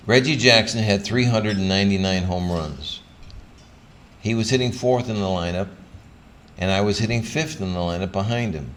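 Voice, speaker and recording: An older man, a former pro athlete, giving a motivational talk full of personal stories that he acts out with lively, sometimes loud energy. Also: lowish voice, normal speed, slight background noise. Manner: animated storyteller who acts out scenes, loud when excited.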